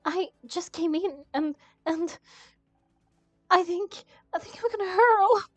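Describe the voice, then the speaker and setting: A woman voicing a panicked young woman in a game who is close to tears and sounds jittery and shrill. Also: slow pace, no room sound.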